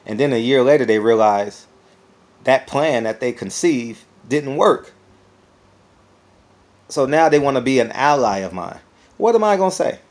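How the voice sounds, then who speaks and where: A man giving a casual opinion vlog as a YouTube commentator, animated and rambling, often repeating words as he goes. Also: medium pitch, measured pace, pauses often.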